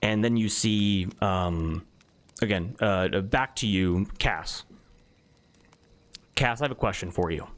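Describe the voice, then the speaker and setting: A man narrating as game master of a tabletop game, describing scenes in a relaxed, descriptive way with many fillers. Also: lowish voice, slow pace, pauses often.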